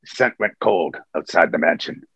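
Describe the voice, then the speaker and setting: A gruff, laconic cartoon mutant hero, as a man puts him on in an interview, low and quiet. The lines come out flat and dry. The voice is dull and a little lo-fi, with no room sound. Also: normal speed, no echo, full character voice. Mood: deadpan.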